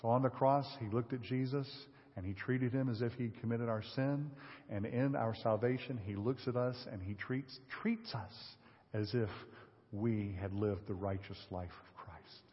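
A male pastor delivers a sermon to his congregation, pressing them with rhetorical questions and dropping from loud emphasis to a hush. His voice is husky, and the recording is dull, with a long reverb trailing through the sanctuary. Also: mid-range voice, normal speed.

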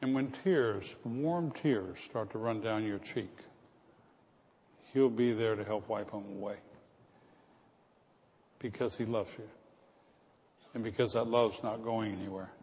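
Storytelling from the pulpit of a church sanctuary, a male preacher builds toward lines he repeats with emphasis. His voice is on the low side and a little mellow, measured with long pauses, and the muffled recording carries long reverb and slight background noise.

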